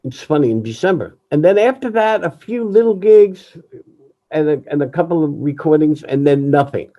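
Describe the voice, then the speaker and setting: An older man, a jazz pianist, speaking candidly over a video call in an emotional, reflective way, often halting and restarting. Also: a little high, animated, dark tone, highs cut off. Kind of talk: candid personal talk.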